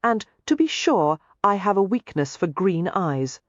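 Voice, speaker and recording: A confident, flirtatious Irish man with a warm brogue, put on by a woman narrator. He teases smoothly and plainly, his voice rising and falling freely. The recording is dry and a little dull. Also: sing-song, unhurried, no echo. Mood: teasing brogue. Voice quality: warm, low and resonant in brogue. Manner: teasing, matter-of-fact.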